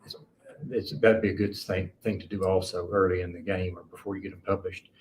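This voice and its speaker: A man with a Middle Tennessee accent, a guest author talking slowly and easily in a podcast interview. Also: deep voice, little pitch movement, darkish tone, a little hiss or hum. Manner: slow, easygoing, hesitant. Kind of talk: casual interview chat.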